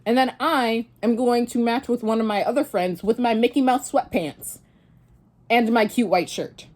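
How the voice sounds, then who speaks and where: A woman's voice: a little high, moderate pace, darkish tone. A young woman vlogger casually retelling a story and reacting, rambling with many fillers and restarts.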